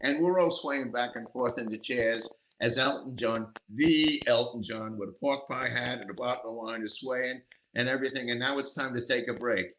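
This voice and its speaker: An older man from the Bronx, telling lively anecdotes as a guest, acting out voices and singing bits of songs. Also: medium pitch, moderate pace, hardly any pauses, slight background noise, low-quality recording. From East Bronx, New York. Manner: animated raconteur, acts out voices and sings snatches. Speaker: magazine publisher, guest. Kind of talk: storytelling interview.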